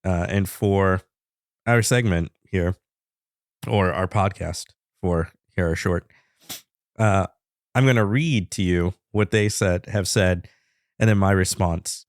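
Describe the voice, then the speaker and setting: A man's voice: sits low, slow pace, pauses often, no room sound. A man co-hosting a podcast in casual banter, telling the story in a dry, matter-of-fact way. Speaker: podcast co-host.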